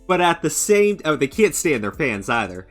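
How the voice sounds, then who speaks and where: A man rants through his commentary in a fairly high voice, sarcastic and profane. He stumbles over restarts and filler words as he goes. Faint music plays under him. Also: sing-song, fairly bright tone. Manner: sarcastic, mocking, frequent laughs, profane; halting restarts and stammered fillers. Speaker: commentary channel host. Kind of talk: ranting commentary. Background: faint background music.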